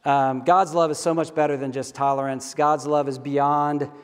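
Man, middle-aged, pastor, conversational sermon, higher pitch, long reverb. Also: flat delivery, moderate pace, clear, resonant tone. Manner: conversational, candid storytelling.

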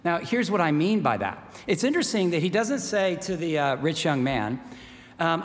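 A man's voice: on the high side, animated, moderate pace, big-room sound. A man preaching a sermon in a casual, conversational way, stopping to act out the voices of the people in his story. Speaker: pastor.

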